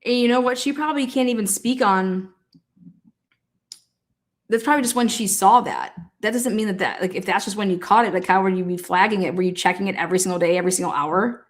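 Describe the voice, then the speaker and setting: A woman talking through a case in a casual livestream, rapid, heated and full of swearing. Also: medium pitch. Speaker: true-crime commentator.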